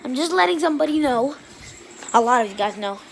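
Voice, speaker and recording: A woman chatting excitedly while filming her playful puppies, often gasping and exclaiming. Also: sits high, fast talker, gravelly, a little hiss or hum. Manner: excitable, shrieks and gasps, keeps exclaiming. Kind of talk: casual excited commentary.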